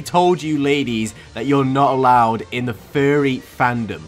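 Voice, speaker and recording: A man's voice: mid-range voice, expressive, unhurried, faint music behind. A young man hosting a comedic reaction video, incredulous and sarcastic, breaking into laughter often. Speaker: YouTube reaction host.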